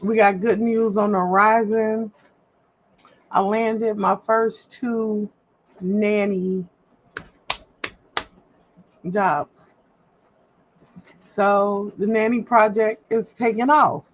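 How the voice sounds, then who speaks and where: A woman's voice: medium pitch, steady tone, very slow, pauses often. A woman on a casual livestream, talking candidly and rambling, with emphatic repetition, while she prints paperwork at home. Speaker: livestream host. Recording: slightly dull livestream audio, faint hum.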